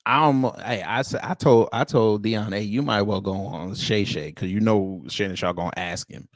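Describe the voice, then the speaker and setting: A man's voice: lowish voice, normal speed, no room sound, clean studio sound. A man hosting a live reaction stream, talking casually and mockingly, often breaking into laughter.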